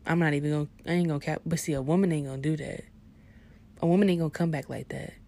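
A young woman with a slightly low voice runs a comedic rant straight at her audience. She swears freely and talks bluntly, sinking into hushed asides before bursting out loud. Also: fairly even intonation, fast talker. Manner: profane, blunt, swings between hushed asides and loud outbursts. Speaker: vlogger.

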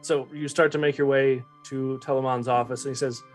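A man running a tabletop game as game master, laughing often and filling pauses with "uh" and "you know". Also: medium pitch, flat delivery, soft background music. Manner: laughs easily, filler-heavy. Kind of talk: narrating a tabletop game, casual.

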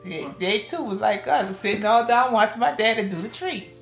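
A middle-aged woman with a New Orleans accent, a podcast guest telling family stories in a lively, casual way and acting out the voices of her relatives. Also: normal speed, creaky. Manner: lively storyteller, acts out family quotes with big pitch jumps. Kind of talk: casual storytelling interview. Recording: roomy room with faint music behind.

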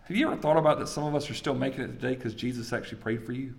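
A man preaching a sermon, acting out scripture dialogues with big swings in pitch and loudness. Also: racing, gravelly, few pauses.

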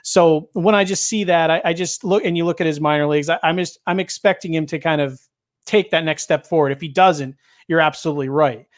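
A man with a voice a bit higher than most, talking over his player rankings in a loose, rambling way. He hedges and restarts his sentences often. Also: brisk. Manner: rambling, self-correcting, hedging. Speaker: fantasy baseball podcast panelist. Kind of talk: casual chat.

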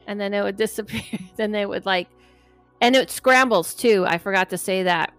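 A middle-aged woman hosts a podcast in a lively, chatty way, slipping into little voices as she retells her stories. Her pitch sits in the middle of the range for a woman. Faint music plays in the background. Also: moderate pace, dry recording. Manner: animated storyteller who acts out quoted voices. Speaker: podcast host and medium. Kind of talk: casual podcast chat.

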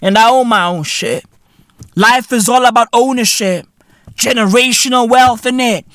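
A man's voice: extremely high pitch, normal speed, fairly bright tone, no room sound. A man hosting a podcast in a comedic rant, profane and boastful, full of slang and laughing at his own jokes. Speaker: podcast host.

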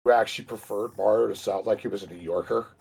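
A man's voice: lowish voice, fairly even intonation, fast, vocal fry, darkish tone, slightly rough. A man in his thirties co-hosting a casual gaming chat, rambling with lots of fillers and restarts. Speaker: podcast co-host.

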